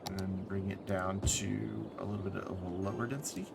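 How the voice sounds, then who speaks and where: A man's voice: sits low, fairly even intonation, moderate pace, vocal fry, loud music behind the voice. A man thinking aloud as he plays a city-building game on a live stream, correcting himself as he goes, tired and with the hiccups. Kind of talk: casual gameplay commentary.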